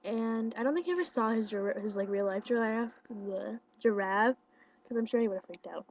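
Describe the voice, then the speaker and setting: A young woman casually retelling a concert meet-up into a webcam, excited and chatty, with lots of fillers and quoted dialogue. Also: fairly high pitch, moderate pace, slight background noise. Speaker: vlogger. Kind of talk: casual storytelling. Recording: lo-fi webcam audio.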